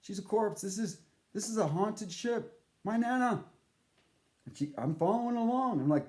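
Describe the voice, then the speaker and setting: A man telling a comic story to camera in a rambling, halting, deadpan way. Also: high-pitched, reverberant.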